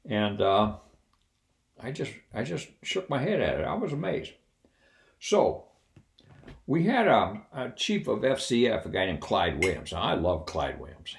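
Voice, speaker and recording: Folksy older man, low lively voice. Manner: folksy, animated storytelling with wry humor. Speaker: retired Air Force officer telling stories. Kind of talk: casual personal anecdote.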